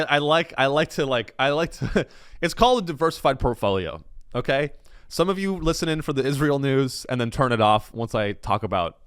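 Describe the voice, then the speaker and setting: A man hosting a comedy podcast, delivering a sarcastic, animated monologue full of self-interruptions. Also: on the high side, no echo, clean studio sound.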